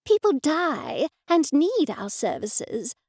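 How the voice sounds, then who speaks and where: A woman's voice: very animated, takes it slowly, darkish tone, dry recording, studio quality, heavily acted. A woman voicing a prim, pious older mother who scolds and takes offence. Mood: indignant. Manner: shrill, scolding and indignant.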